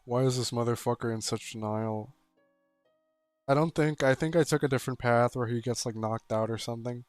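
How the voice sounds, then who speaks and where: Guy reading a visual novel out loud and ranting, mid pitch, dry close mic, faint music behind. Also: fairly quick, no room sound. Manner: exasperated, profane running commentary. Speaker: streamer playing a visual novel. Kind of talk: reading game text aloud with reactions.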